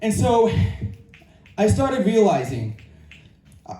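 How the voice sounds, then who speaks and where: A man with a very high but mellow voice gives an earnest, emphatic motivational talk at a live event, often repeating his key phrases. He is picked up from a distance in an echoey room, with faint music behind him. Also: expressive, normal speed. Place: indoor creative venue, live audience.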